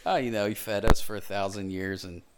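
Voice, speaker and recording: A man's voice: on the low side, steady tone, brisk, noisy background. A man in casual chat, making sarcastic, jokey interjections. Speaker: podcast co-host.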